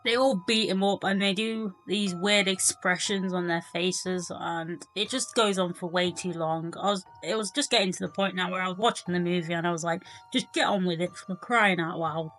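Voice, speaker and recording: A woman's voice: lowish voice, fairly even intonation, normal speed, hardly any pauses, fairly bright tone, soft background music, low-quality recording. A young woman giving a casual movie review, chatty and incredulous, full of filler words.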